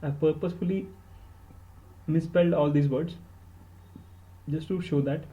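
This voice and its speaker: A man with an Indian accent talks through study advice in a fairly high voice. He is earnest and emphatic, stacking "very" on "very" to stress a point. The recording sounds dull and lo-fi. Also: fairly even intonation, measured pace, dark tone. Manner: earnest and emphatic, repeats words for stress, switches into Hindi. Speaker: exam topper giving study tips. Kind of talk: instructional podcast talk.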